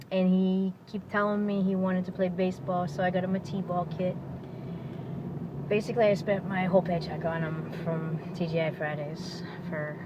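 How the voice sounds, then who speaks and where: Emotional woman vlogging over loud traffic. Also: lowish voice. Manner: heartfelt, fighting back tears. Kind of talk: personal video diary. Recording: dull lo-fi audio with loud vehicle noise.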